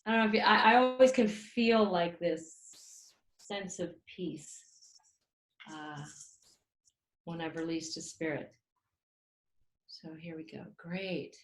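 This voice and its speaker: A woman's voice: lowish voice, takes it slowly, pauses often. A woman shaman guiding an energy healing over a video call, with soothing, repetitive invocations. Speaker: shaman healer. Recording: roomy echo.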